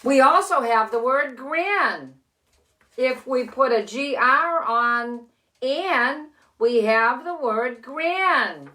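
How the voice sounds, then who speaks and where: An older woman with six grandchildren, teaching letter sounds to children in a slow, cheerful, encouraging way from her living room. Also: sits high, lively intonation, pushed and bright. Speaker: children's story host. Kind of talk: phonics lesson and read-aloud for children.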